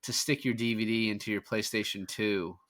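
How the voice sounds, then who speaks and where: A man with a bright, forward voice talks through a film with friends in easy, animated chat. He keeps slipping into quick quoted snippets of the characters as he retells scenes, with plenty of casual fillers. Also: on the low side. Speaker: podcast guest.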